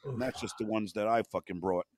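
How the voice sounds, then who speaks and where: A man's voice: lowish voice, fairly quick, darkish tone, dry recording, clean studio sound. A man on a podcast telling a long, profane personal anecdote in a rambling way. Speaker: podcast guest.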